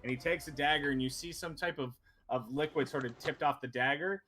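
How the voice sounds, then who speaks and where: A man's voice: fairly high pitch, fairly quick, bright, forceful tone. A man narrating a tabletop game as game master, casual and rambling, cursing freely.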